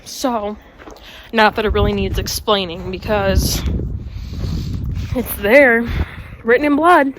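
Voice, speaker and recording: A young woman talking casually to her viewers in a home vlog, chatty and animated. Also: mid-range voice, slow pace, pauses often, noisy background. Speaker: book vlogger. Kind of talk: casual vlog talk to camera.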